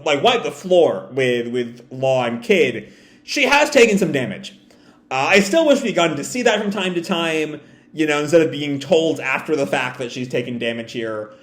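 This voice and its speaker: Guy doing a live manga reaction, chatty, voice jumps all over, roomy echo. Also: fairly high pitch. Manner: animated, chatty with fillers and asides. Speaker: host. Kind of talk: live comic reading reaction.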